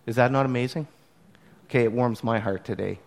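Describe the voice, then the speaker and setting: A man preaching a sermon to his congregation in an expressive, conversational storytelling manner. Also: medium pitch, a little fast, gravelly. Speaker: pastor. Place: church service.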